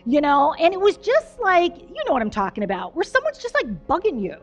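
A woman pastor with a high voice tells a story from the pulpit in a chatty, self-deprecating way, full of fillers. Faint music plays underneath. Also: huge pitch swings, fairly quick. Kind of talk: conversational storytelling sermon.

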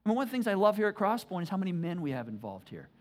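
A man's voice: sits high, very animated, racing. Brief: emphatic male preacher in a church, stammers and repeats for punch. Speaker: pastor. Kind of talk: sermon.

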